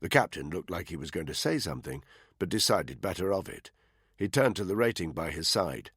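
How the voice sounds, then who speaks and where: A man reads a thriller audiobook in a measured, expressive style. His voice is very deep and gravelly with a husky grain, and lively in pitch. The sound is close and dry. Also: no room sound. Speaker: audiobook narrator. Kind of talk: scripted narration.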